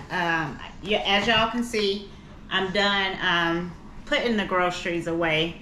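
A woman's voice: fairly low pitch, sharp tone, slight background noise. A middle-aged woman vlogging in her kitchen at home, rambling and chatty, calling her viewers cousins. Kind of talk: casual chat to camera.

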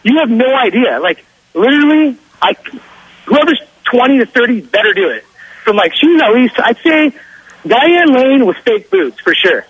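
A young man calling a radio show who tells a story in a boastful, excitable, slangy way over the phone. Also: very high voice, moderate pace, husky, no echo, muffled recording. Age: young adult. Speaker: caller. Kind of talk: casual storytelling on a call-in show.

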